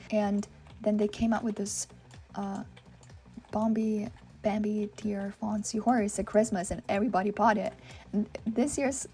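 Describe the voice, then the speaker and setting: A young woman hosts a casual gaming vlog, reading out viewer messages and reacting with chatty, excitable commentary. Her voice is mellow and warm, sitting at an ordinary middle pitch. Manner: chatty and excitable, full of "oh my gosh" and "like"; reads viewer submissions aloud and reacts to them. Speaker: gaming channel host.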